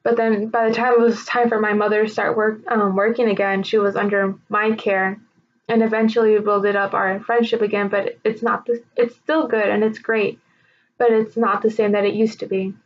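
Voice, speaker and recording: A young woman giving a recorded tribute speech about her sister, emotional and halting as she holds back tears. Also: medium pitch, little pitch movement. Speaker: speaker honoring her sister. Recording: slightly dull lo-fi recording.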